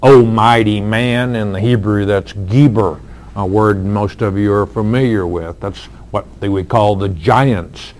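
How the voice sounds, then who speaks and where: A man with a darkish, fairly low voice and fairly even intonation preaches an expository sermon, earnestly explaining scripture. He speaks slowly, with frequent fillers and some emphatic lines.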